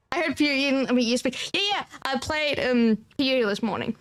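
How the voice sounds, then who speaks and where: A livestreamer from Germany with a German accent talks fast in a high voice. She chats casually while answering her chat, rambling and peppering her speech with "like."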